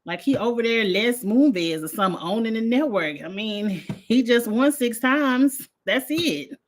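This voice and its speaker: A woman's voice: fairly high pitch, a little slow, a little hiss or hum. Blunt laughing woman reviewer. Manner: blunt, animated, laughs often, uses slang. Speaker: reality show reviewer. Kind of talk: casual livestream chat.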